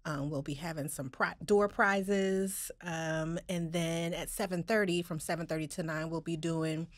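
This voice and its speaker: Brief: female co-host, lower-pitched, dry close sound, engaged and probing, conversational. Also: fairly even intonation, unhurried, dry recording. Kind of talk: casual discussion.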